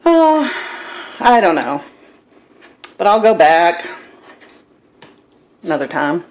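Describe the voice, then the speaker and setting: A woman's voice: on the low side, expressive, slow pace. A middle-aged woman in her home kitchen, recording a casual cooking vlog on her phone and wandering into self-deprecating stories. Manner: rambling, self-deprecating storyteller. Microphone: phone camera.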